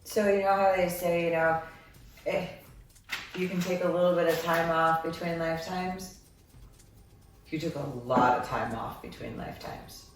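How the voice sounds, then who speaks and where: A woman's voice: fairly low pitch, moderate pace, pauses often, faint music behind. A woman giving a psychic reading, talking in a meandering way with many filler ums. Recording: echoey room, far from mic, faint noise.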